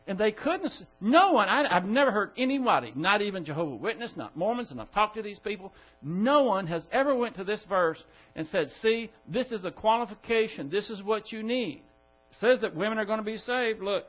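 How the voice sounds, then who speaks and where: High-voiced man teaching a Bible class. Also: expressive, fairly quick, dull audio. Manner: emphatic, rhetorical questions to the class. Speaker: pastor.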